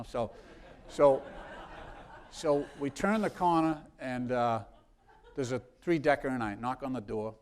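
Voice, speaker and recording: In a mid-range voice at a measured pace, a man from South Boston, a congressman, spins a rambling yarn in a live interview, restarting often as he goes.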